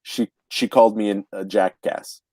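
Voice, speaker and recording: A man, telling a casual anecdote in a chatty, animated way with frequent restarts. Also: on the low side, normal speed, dry recording. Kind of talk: casual storytelling chat.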